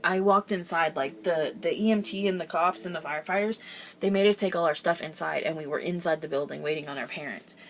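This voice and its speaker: A woman's voice: low voice, fast. Chatty young woman telling home stories. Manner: chatty, rambling, laughs through her stories. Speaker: vlogger. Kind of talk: casual storytelling.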